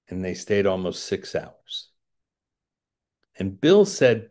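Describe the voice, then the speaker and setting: A man's voice: sits low, animated, slow, pauses often, darkish tone. A man giving a rambling storytelling talk to a recovery audience, digressive and self-deprecating with wry asides. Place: indoors by a window.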